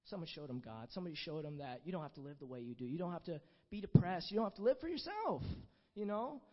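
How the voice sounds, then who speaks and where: A man's voice: fairly high pitch, expressive, fast. A young man giving an earnest, conversational sermon, telling a personal story with many "you know" asides. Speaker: preacher. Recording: dull, muffled sound with long hall reverb.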